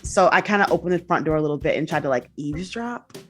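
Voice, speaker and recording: A young adult woman telling a personal story in a casual, animated way, acting out the quotes. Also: low-pitched, quick pace, faint music behind. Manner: animated, acts out quotes with laughs and swearing. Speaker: guest.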